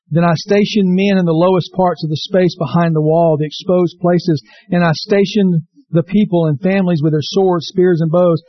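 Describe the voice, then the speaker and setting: A man's voice: fairly high pitch, no echo, muffled recording. A middle-aged male pastor preaching a sermon, telling stories with humor and acting out quotes in a raised voice. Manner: lively storytelling preacher, acts out quotes in raised voice.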